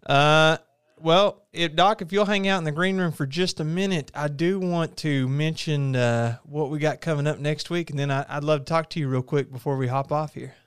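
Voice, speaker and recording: Laid-back southern co-host, dry mic. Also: male voice, fairly high pitch, moderate pace, clear, resonant tone, dry recording. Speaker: podcast co-host. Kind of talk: casual podcast chat.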